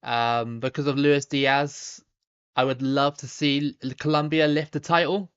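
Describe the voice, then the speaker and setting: A man in his thirties with a Somerset accent, chatting casually on a live stream while reading viewer comments, relaxed, with lots of ums and restarts. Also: mid-range voice, unhurried, clear, resonant tone, dull audio. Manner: relaxed, chatty, frequent ums and repeated starts, laughs easily.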